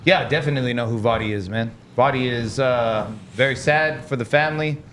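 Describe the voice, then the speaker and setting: Man, podcast panelist, dry quips, mid-pitched voice, faint hiss. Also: fairly quick, a bit bright. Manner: dry asides, reads comments. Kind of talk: casual podcast chat.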